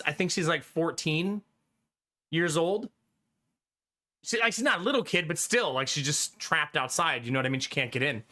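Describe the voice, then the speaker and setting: A man's voice: fairly high pitch, bright, forceful tone. A man streaming live and chatting casually with his viewers, rambling through a story, laughing often and swearing casually.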